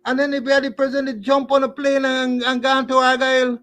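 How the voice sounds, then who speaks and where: A man's voice: very high-pitched, monotone, brisk, a bit bright. A man from Guyana with a Guyanese accent, stammering and repeating words as he speaks emotionally about politics. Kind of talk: impassioned political talk.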